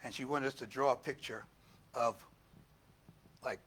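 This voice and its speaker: Bright-voiced older male pastor. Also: medium pitch, normal speed, husky. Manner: animated, laughing, acts out quotes in a raised voice. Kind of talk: storytelling sermon.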